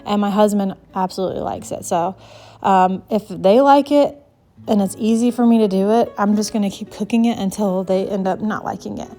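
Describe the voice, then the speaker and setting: A woman's voice: medium pitch, fairly quick, dark tone. A young woman chatting through a casual home cooking voice-over, a little out of breath, rambling with lots of fillers. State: slightly out of breath. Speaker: vlogger, mother of six.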